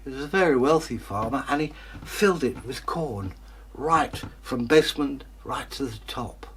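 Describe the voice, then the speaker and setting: A man's voice: medium pitch, moderate pace, a little hiss or hum. Chatty theatrical male storyteller. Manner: lively, chatty and theatrical, with asides. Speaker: storyteller and channel host. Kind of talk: oral fairytale storytelling.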